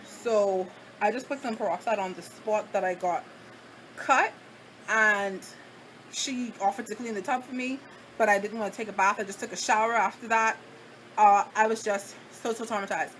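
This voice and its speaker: A woman's voice: fairly high pitch, a bit bright, slight background noise, rough recording. A woman vlogger telling a personal story in a dramatic, chatty way, full of "like" fillers. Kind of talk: casual storytime.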